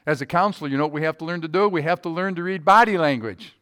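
A man delivers a conversational sermon in a slightly higher-than-usual voice. He keeps checking in with the room through rhetorical questions. His delivery swings between loud, emphatic lines and quiet, low asides. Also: quick pace, smooth. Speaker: pastor.

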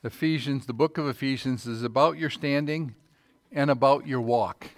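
A man's voice: mid-range voice, moderate pace, no echo. Man preaching a dry, close sermon. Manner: reads scripture aloud, checks in with "Okay?".

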